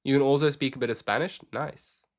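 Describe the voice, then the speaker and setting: A man's voice: medium pitch, brisk. A young man chatting casually with his live-stream audience while playing chess, joking and answering questions.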